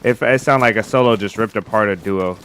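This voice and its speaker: A man's voice: lowish voice, a little fast, a bit bright, a little hiss or hum. A man streaming a survival game, giving casual commentary and thinking aloud, often restarting his sentences.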